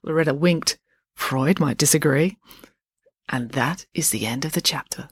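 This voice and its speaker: A woman author narrating a storybook chapter in a calm, expressive reading. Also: low voice, measured pace, slightly rough, no echo, studio quality.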